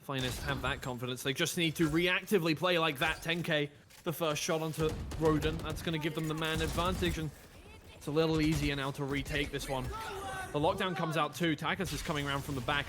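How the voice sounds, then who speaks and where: Excitable male esports play-by-play caster. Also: a little fast, background noise. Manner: excitable, pitch rising sharply in big plays. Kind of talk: play-by-play commentary.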